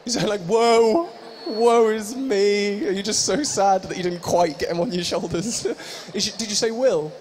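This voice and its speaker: A man's voice: high-pitched, brisk, few pauses. A young man hosting a live stage show, joking and teasing the audience in improvised comic banter. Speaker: stage host at a live fan convention.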